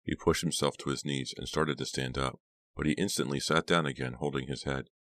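A man narrating a horror novel in a measured, scripted reading. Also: a bass voice, fairly even intonation, a bit bright, no room sound. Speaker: audiobook narrator.

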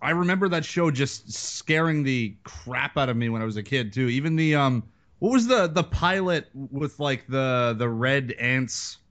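A man's voice: medium pitch, animated, moderate pace, a bit bright. A man in a casual chat, telling a nostalgic story with animation.

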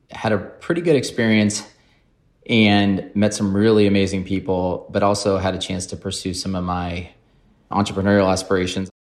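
A man in his forties tells his career story on a podcast in a relaxed, self-deprecating way. His voice sits low and deep. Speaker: podcast guest. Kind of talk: casual storytelling.

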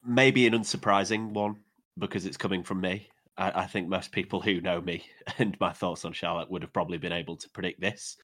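A man's voice: low voice, steady tone, fairly quick, fairly bright tone. A man with an English accent chatting on a sports podcast, self-deprecating and full of restarts. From England. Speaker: podcast co-host, football analyst. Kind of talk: casual sports podcast chat.

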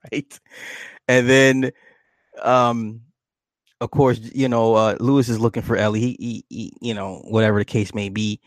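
A man's voice: mid-range voice, measured pace, long pauses, no echo. A man casually retelling a movie's plot, laughing often and acting out the characters' lines. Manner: animated storytelling, laughs often, acts out characters; swears casually, addresses listener with "right?".

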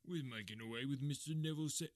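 Guy reading as a gruff jolly police inspector, bit of a grin in the voice, pretty dry close sound, storybook style. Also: medium pitch, fast talker, darkish tone, dry recording, pitched above the performer's own voice, close to an everyday voice. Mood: hearty. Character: blunt hearty male police inspector.

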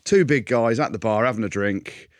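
A man co-hosting a podcast, telling animated stories in casual banter and acting out other people's voices. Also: on the low side, moderate pace, no room sound, studio quality. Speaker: podcast co-host.

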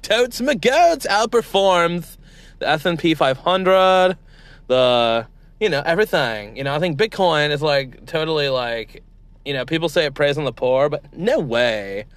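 A man's voice: mid-range voice, close to an everyday voice. A man playing a parody crypto investor who talks in valley-girl slang, saying like and bro constantly. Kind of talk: comedy sketch impression.

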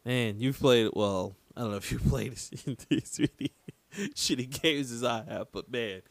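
A man co-hosting a casual podcast about games, laughing often and talking in lively slang. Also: mid-range voice, moderate pace, gravelly, dry recording. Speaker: podcast co-host.

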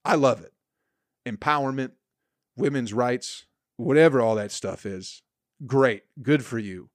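A man's voice: mid-range voice, unhurried, no room sound, clean studio sound. A man around forty, hosting a solo comedy podcast and rambling crudely with profane, sarcastic asides. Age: 40s.

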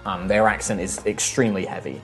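A man's voice: deep voice, fairly quick, soft background music. A man narrating as game master for a tabletop game, describing scenes in a loose, rambling way with many fillers and restarts.

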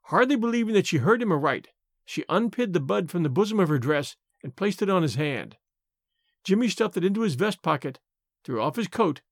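A man reading a classic short story aloud, expressive and varied. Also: sits high, no room sound, studio quality.

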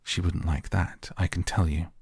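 A bossy, sickly young master from a storybook, talking down to servants in a grand, commanding way, as a man reads him. The voice sits low and carries a gravelly edge, and the delivery is dry and close. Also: little pitch movement, moderate pace, darkish tone, no room sound, full character voice. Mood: imperious. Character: imperious sickly boy, spoiled and demanding.

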